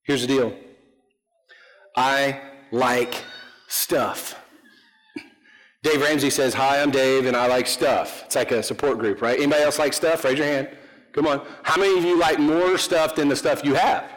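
A man's voice: a little high, steady tone, normal speed, pauses often. A man preaching a conversational sermon as pastor, joking about himself and throwing questions to the congregation. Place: church sanctuary. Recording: long hall reverb.

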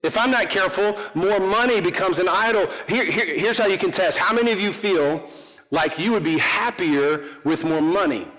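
In a church sanctuary with long hall reverb, a pastor delivers a conversational sermon, joking about himself and tossing questions to the congregation. His voice is high-pitched and a bit bright, at a normal speed.

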